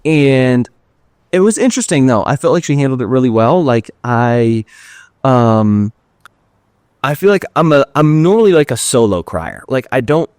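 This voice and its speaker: A man's voice: medium pitch, expressive, moderate pace, darkish tone, clear, resonant tone, no echo, clean studio sound. A young man hosting a podcast, telling a personal story in a candid, rambling way, full of "like" and casual swearing. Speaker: podcast host.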